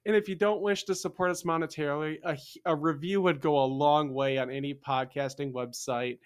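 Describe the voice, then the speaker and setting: A man's voice: fairly high pitch, steady tone, fairly quick, clear, resonant tone. A man co-hosting a casual history podcast, chatty and jokey, often trailing off and restarting. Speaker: podcast co-host.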